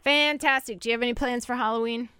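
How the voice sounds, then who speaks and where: Smooth-voiced woman hosting call-in radio. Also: fairly high pitch, steady tone, fast talker, pushed and bright, dry recording. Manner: chatty, laughs easily. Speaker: radio show host.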